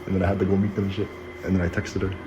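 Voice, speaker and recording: A man's voice: deep voice, flat delivery, racing, muffled recording, background noise. A man telling a personal story in a casual, rambling, slangy way, laughing at it now and then.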